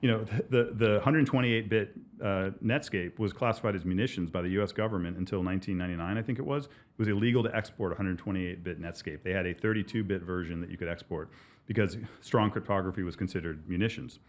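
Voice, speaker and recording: A male interview guest telling history stories in quick bursts, often restarting his sentences. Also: sits low. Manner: rapid storytelling with many restarts.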